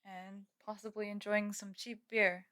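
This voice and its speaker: A woman's voice: medium pitch, level tone, measured pace, pushed and bright. A young woman live-streaming from home, chatting casually with viewers and laughing often. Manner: giggly, chatty, reads chat aloud.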